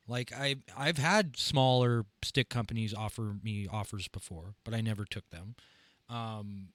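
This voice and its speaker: A man hosting a podcast about drumming, talking casually and rambling in long, halting sentences. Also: lowish voice, no echo. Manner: rambling, full of fillers and restarts. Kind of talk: casual interview chat.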